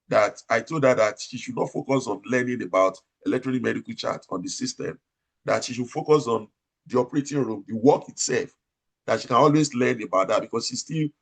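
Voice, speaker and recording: This is a man with a Nigerian accent, working as an operating room nurse manager, advising in an interview with loud, emphatic speech full of repetition and rhetorical questions. His medium-pitched voice is gravelly with a breathy edge.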